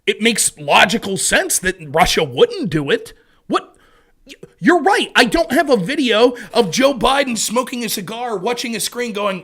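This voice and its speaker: A man's voice: high voice, sing-song, unhurried, creaky, sharp tone, husky. A man hosting a casual political commentary livestream, sarcastic and exasperated, mocking his opponents in put-on voices and swearing freely.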